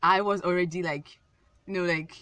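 A woman's voice: lowish voice, fairly even intonation, moderate pace, bright, forceful tone, no echo. Young woman vlogging a story, keeps repeating herself, says like a lot. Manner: rambling, repeats herself, many fillers. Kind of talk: casual storytime.

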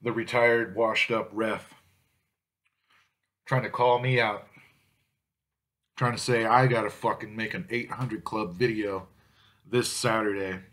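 A man's voice: on the low side, steady tone, unhurried, pauses often, a bit bright. A man vlogging about drinking malt liquor, ranting angrily at viewers with constant swearing. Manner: angry, foul-mouthed, insulting. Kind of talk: profane ranting vlog.

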